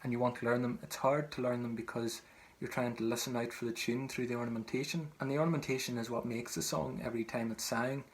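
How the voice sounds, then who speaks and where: A man's voice: mid-range voice, steady tone, quick pace, few pauses. A man teaching a traditional song, speaking patiently and repeating each phrase for learners to sing back. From Ireland. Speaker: singing teacher. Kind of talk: online singing lesson.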